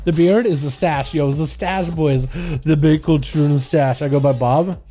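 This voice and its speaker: A young man whose first language is Russian streams a game and chats loosely with his viewers in rambling slang. His voice sits on the high side with a dark tone, and he speaks at a moderate pace. Faint music plays in the background.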